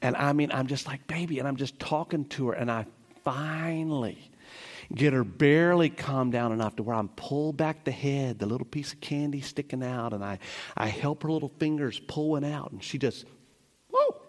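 A middle-aged man preaching a sermon at an ordinary pitch. He reads scripture slowly and softly, then tells stories with rising excitement. His voice carries a long reverb from the church sanctuary. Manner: storytelling with rising excitement and soft slow scripture reading.

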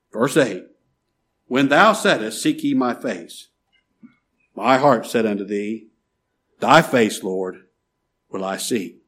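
Husky-voiced man preaching a sermon. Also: medium pitch. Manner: pleading, emphatic preaching with loud rises and soft drops. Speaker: pastor.

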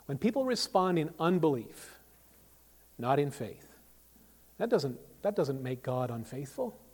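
A male pastor preaching a sermon, emphatic, with sharp swings from loud to quiet and many rhetorical questions. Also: a little high, big pitch swings, measured pace. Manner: emphatic, rises and falls sharply in volume, asks rhetorical questions. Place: church sanctuary. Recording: long reverb of a church hall.

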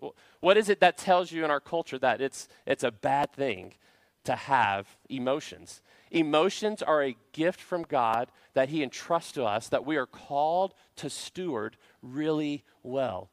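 A man's voice: mid-range voice, expressive, a little slow, no echo. A man preaching a sermon to a church congregation, earnest and full of rhetorical questions. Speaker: pastor. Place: church service.

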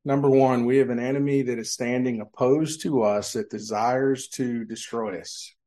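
A man's voice: mid-range voice, fairly even intonation, normal speed, dark tone. A male pastor preaching a sermon, asking the congregation questions and answering them. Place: church sanctuary.

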